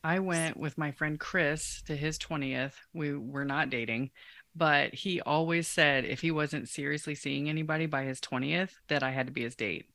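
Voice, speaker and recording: A woman in her late thirties with a low but bright voice, chatting as a podcast co-host. She talks candidly, swears freely and laughs often. Her voice sounds dry and close. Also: steady tone, normal speed, no room sound. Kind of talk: casual chat.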